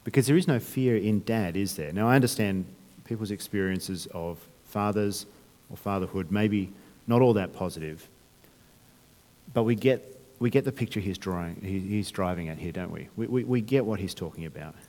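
A man's voice: on the low side, normal speed, darkish tone, in a large hall. A man preaching a sermon, talking conversationally with restarts and rhetorical questions. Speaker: pastor.

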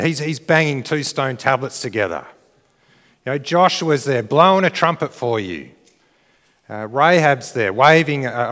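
Male preacher, casual and earnest, repeats words as he builds, reverberant church hall sound. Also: mid-range voice. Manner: conversational, restarts phrases, rises to shouted crowd cheers. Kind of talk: sermon.

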